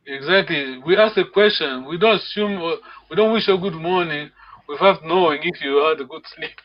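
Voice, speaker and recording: A man's voice: a little high, moderate pace, lo-fi sound. A man from Congo, teaching a live online language lesson over a video call. He explains patiently and repeats words for his students to echo.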